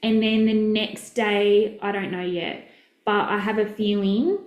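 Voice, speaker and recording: A woman's voice: mid-range voice, steady tone, unhurried, a little mellow, echoey room. A middle-aged Australian woman coaching in a chatty, direct, upbeat way during a casual live stream. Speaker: business coach.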